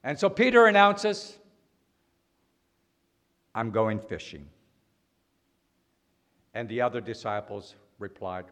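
A man preaching a sermon, slow and deliberate, swinging between loud emphatic lines and quiet ones. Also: medium pitch, big pitch swings.

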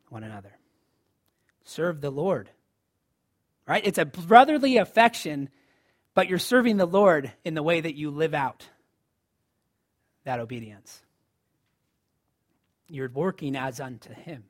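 A man's voice: fairly high pitch, animated, unhurried, long pauses. A man preaching a sermon in a conversational style, rising to emphatic lines. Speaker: pastor.

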